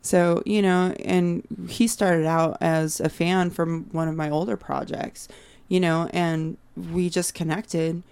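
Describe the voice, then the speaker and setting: A low, gravelly woman's voice, a musician in her thirties chatting on a podcast. She talks in an animated, loose way, drops curse words without a pause and slips into the voices of friends she quotes. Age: 30s. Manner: animated, swears freely, acts out quoted friends. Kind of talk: casual chat.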